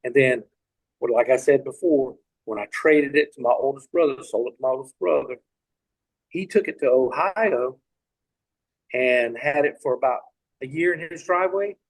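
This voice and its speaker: A middle-aged man from Tennessee, appearing as a podcast guest, casually spins a long anecdote that wanders through restarts and asides. His voice is medium-pitched at normal speed, and the recording quality is low.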